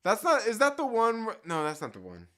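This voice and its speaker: Bright, joking live stream host. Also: male voice, sits high, wildly swooping pitch, a little fast. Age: adult with children. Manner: slangy, profane and joking, laughs often. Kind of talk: casual live stream chat.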